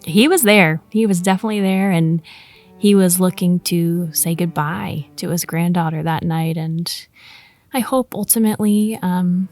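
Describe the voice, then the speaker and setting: A woman podcast host telling a personal ghost story in a chatty, animated way, acting out the quoted lines. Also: lowish voice, moderate pace, soft background music. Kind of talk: casual storytelling.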